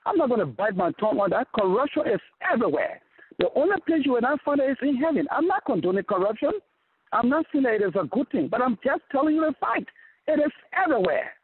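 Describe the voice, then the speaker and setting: Man, high husky voice, blunt lecturing on a tinny phone line. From Liberia. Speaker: guest, former lawmaker. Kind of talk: call-in radio talk. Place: in Liberia, on the phone.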